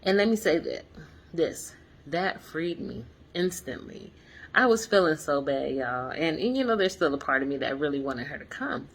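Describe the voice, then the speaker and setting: A woman in her forties vlogs from a hotel room, her low voice lively in intonation and her pace normal. She tells viewers a personal story earnestly, in a casual, reflective style with plenty of fillers.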